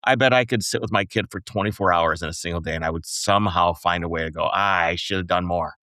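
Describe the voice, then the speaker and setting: Low-voiced enthusiastic podcast host. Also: male voice, fast, pushed and bright, no room sound, studio quality. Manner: enthusiastic, calls the guest "man". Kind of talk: casual interview chat.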